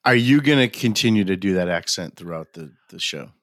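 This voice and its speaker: A male podcast co-host who chimes in with quick, reactive banter. His pitch moves a lot as he talks, and the sound is dry and close. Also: expressive, a bit bright, dry recording. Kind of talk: casual chat podcast.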